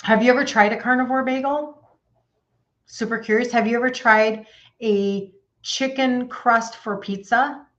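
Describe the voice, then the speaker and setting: A woman's voice: on the high side, steady tone, measured pace, muffled recording. A woman in her fifties, a health coach chatting casually on a live stream and reading out viewer comments, with lots of fillers. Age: 50s.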